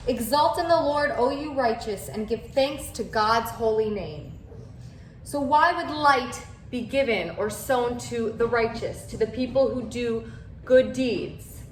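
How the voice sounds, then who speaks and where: A woman cantor giving a measured, carefully explained lesson. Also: fairly high pitch, a little hiss or hum. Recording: roomy echoey sound.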